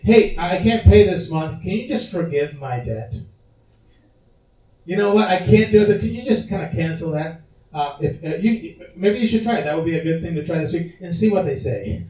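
A male pastor preaching a sermon in an animated, conversational way, often asking his congregation questions. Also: sits high. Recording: roomy hall, mic at a distance.

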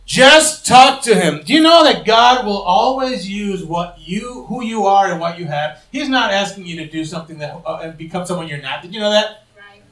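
A middle-aged male pastor preaching in a church, his voice pitched high and ringing bright. He tells stories with animated energy and acts out the voices of the people in them. He is heard from a distance in a roomy, echoing hall. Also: fairly quick. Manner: animated storytelling, acting out quoted voices. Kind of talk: sermon.

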